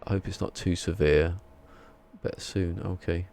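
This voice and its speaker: A man's voice: deep voice, steady tone, moderate pace, gravelly, darkish tone, slight background noise. A man with an English accent chatting casually on a live stream, rambling and chuckling as he reads the chat, a little drowsy. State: a bit drowsy.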